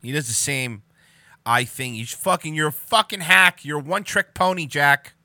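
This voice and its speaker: Over background music, a slightly high-pitched man speaks expressively at a moderate pace. He's a reaction commentator, swearing a lot and ranting with sarcasm as he reacts to a video for comedic effect.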